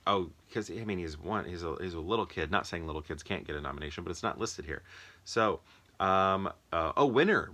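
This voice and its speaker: Casual male movie reviewer, deep but bright and forceful tone, meandering delivery full of ums. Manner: rambling, thinking aloud with many fillers. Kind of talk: casual movie ranking monologue.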